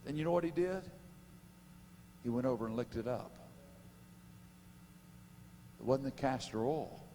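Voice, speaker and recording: A man's voice: mid-range voice, a little slow, mellow. Jokey man preaching in a reverberant church. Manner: jokey, laughs at his own stories, quizzes the crowd. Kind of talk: sermon at a men's conference. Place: church sanctuary. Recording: long hall reverb with faint hum.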